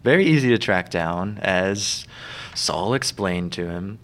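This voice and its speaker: A man's voice: low voice, unhurried. A man co-hosting a podcast, chatting casually about a TV episode and laughing often. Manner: laughs often, relaxed banter. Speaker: podcast co-host. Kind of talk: casual chat.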